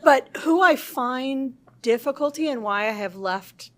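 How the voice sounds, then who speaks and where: A woman's voice: high voice, animated, measured pace. Earnest middle-aged woman asking a question. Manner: candid, earnest. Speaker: audience questioner. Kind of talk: asking a question at a live panel. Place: community event hall.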